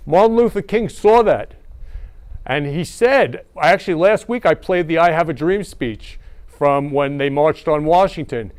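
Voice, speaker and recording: A man's voice: on the high side, lively intonation, unhurried, a little mellow, smooth. Effusive man hosting, near tears. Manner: effusive, repeats words of love, near tears. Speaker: talk show host. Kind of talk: emotional, preachy talk.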